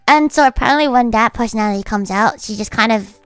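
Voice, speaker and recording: A woman's voice: on the high side, quick pace, a bit bright, smooth, dry recording. A woman streaming, chatting casually in a blunt, profane, ranting way. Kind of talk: casual livestream chat.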